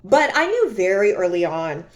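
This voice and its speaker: A woman's voice: mid-range voice, big pitch swings, normal speed. A woman vlogger talking candidly from her own experience in a reflective personal monologue, often repeating phrases for emphasis.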